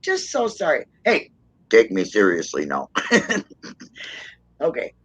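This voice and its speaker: A woman with a naturally low voice that she lifts up as she talks. She chats and jokes through a live online support discussion, laughing often. Her pitch swings widely from one phrase to the next. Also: wildly swooping pitch, slow, slightly rough. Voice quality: naturally low voice, pushed up when talking. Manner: laughs often, chatty and joking. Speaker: co-host of an online support talk. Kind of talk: casual live-stream chat.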